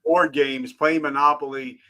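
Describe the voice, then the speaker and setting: A man's voice: a little high, steady tone, unhurried, bright, forceful tone. A man hosting a podcast who asks his guest questions in an encouraging, conversational way. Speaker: podcast host. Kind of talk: interview questions.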